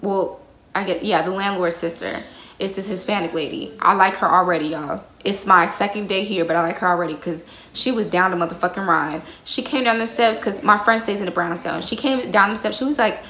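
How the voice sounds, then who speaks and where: A woman's voice: medium pitch, a little fast, pushed and bright. Heated profane woman vlogger ranting. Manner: heated, profane, addresses viewers as y'all. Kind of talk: storytime rant to viewers. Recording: roomy echo.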